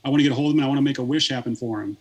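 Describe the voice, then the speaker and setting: A man's voice: mid-range voice, very fast, breathy edge, highs cut off. A man in his thirties, a podcast guest, telling a long story in casual, rambling talk full of swearing and fillers.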